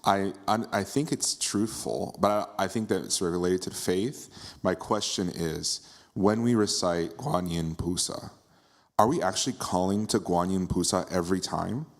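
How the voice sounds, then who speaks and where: A man's voice: deep voice, unhurried. A man in the audience at a temple lecture, asking a question with hesitant restarts. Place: temple hall.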